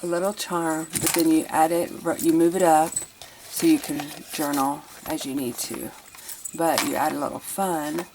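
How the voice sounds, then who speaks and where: Woman host, low pitch, casual think-aloud crafting chat with a sniffle, clear background noise. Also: little pitch movement, normal speed, darkish tone. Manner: chatty, thinks aloud while crafting, addresses viewers as you guys.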